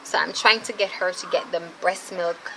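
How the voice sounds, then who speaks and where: A young woman telling a story in a casual, animated vlog, chatty and often laughing, speaking to viewers as "ladies". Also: on the low side, normal speed, creaky, background noise. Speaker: vlogger, mother.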